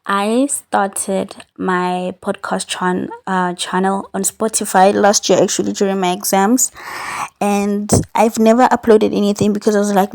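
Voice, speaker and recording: Young woman, podcast host, gravelly fry, chatty and candid, lying in bed. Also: medium pitch, level tone, a little slow, darkish tone. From South Africa. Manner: chatty and candid, chewing gum while talking. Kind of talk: casual reflective monologue.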